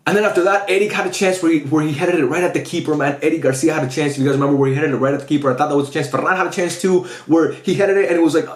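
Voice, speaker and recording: A man hosting a casual post-match football reaction, excitable and chatty, full of slang fillers. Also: a little high, very fast, hardly any pauses. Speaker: football fan channel host. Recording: echoey room.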